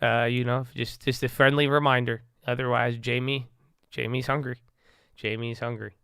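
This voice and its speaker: Gravelly, bright-voiced man chatting markets. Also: mid-range voice, flat delivery, moderate pace, dry recording, studio quality. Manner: rambling, joking, laughs often, trails off and mumbles. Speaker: stock market livestream host. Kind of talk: casual live market commentary.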